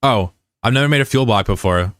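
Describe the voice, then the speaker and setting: A man's voice: medium pitch, a little fast, a bit bright, no echo, studio quality. A man streaming a game and chatting casually with his viewers, rambling and joking at his own expense. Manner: rambling and digressive, with many restarts; joking, self-deprecating.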